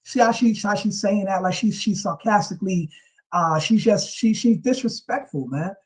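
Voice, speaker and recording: High-pitched guy ranting on his vlog, super emphatic, keeps asking if you get him. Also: normal speed, poor audio. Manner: emphatic, repeats "you know what I'm saying". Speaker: vlog commentator. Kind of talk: casual ranting commentary.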